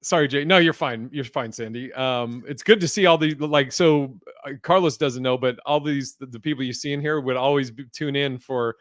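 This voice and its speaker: A man's voice: medium pitch, normal speed, fairly bright tone, no echo, clean studio sound. A man hosting a podcast in casual chat, joking, swearing freely, and rambling through fillers. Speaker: podcast host.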